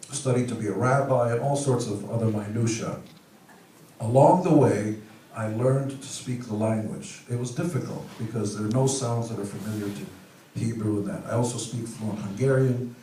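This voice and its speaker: A man in his sixties gives a joking, playful speech to a conference audience and throws in loud bursts of emphasis. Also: medium pitch, slight background noise. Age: 60s. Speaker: conference speaker. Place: large hall with an audience. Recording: echoey hall from far off.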